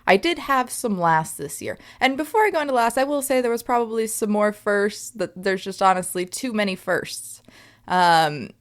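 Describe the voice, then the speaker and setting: A woman's voice: medium pitch, lively intonation, moderate pace. A woman in her thirties hosting a solo podcast, reflecting in an emphatic, conversational way and often checking in with her listeners. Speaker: podcast host.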